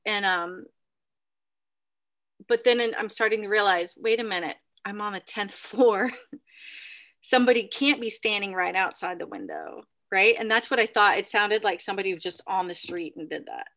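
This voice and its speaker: A woman telling a ghost story in casual chat, full of "like" and "right?", acting out what people said in sudden high bursts. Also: normal speed. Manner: animated, acts out quotes with sudden high bursts; many fillers like "like" and "right?". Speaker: podcast guest.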